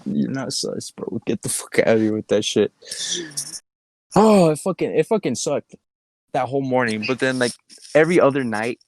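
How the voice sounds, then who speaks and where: With a mid-range, slightly mellow voice and lively intonation, this young man speaks at a moderate pace and pauses often. He's co-hosting a podcast, telling a long, rambling story in casual chat while swearing a lot and laughing often. The podcast mic recording has no echo.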